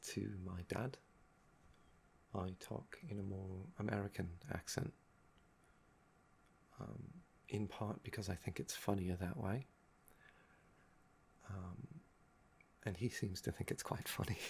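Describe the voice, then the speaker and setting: Young man with heavy gravelly fry, ASMR chat. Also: sits low, fairly even intonation, takes it slowly, pauses often, a little mellow, slight background noise. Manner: meandering and musing, often trailing off with "um". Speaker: ASMR channel host. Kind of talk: soft-spoken ASMR chat.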